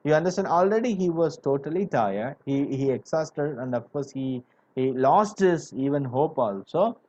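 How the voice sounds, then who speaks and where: A man's voice: a little high, expressive, normal speed, a little mellow, dull audio. A male teacher explaining a story line by line to a class, paraphrasing words and checking that students understand. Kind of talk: classroom literature lesson.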